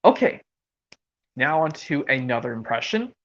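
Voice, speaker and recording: In a bass voice with a sing-song lilt at normal speed, a streamer chats casually and enthusiastically between her voice impressions. The audio is dull and lo-fi.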